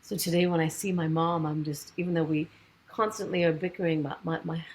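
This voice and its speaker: A woman guest on a podcast, telling her story in a lively way and acting out the dialogue she quotes. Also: sits low, fairly quick, rough recording. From United States. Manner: animated, acts out quoted dialogue. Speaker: fitness program founder, guest.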